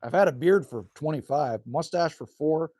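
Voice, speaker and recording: A middle-aged Canadian man with a slightly hoarse voice, hosting a live stream from a cabin and chatting casually with viewers in a folksy way. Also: on the high side, normal speed, mellow, no room sound, studio quality. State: a little hoarse. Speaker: livestream host reading chat. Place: rural cabin indoors.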